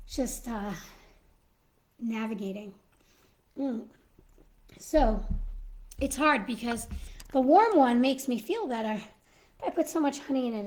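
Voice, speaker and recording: Woman, live stream host, high voice, breathless, unhurried, halting with fillers, phone mic. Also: lively intonation, a little mellow, poor audio. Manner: halting, with frequent fillers and pauses. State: short of breath, slowed by illness. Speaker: live stream host in a Mrs. Claus persona. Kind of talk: casual live stream chat with viewers.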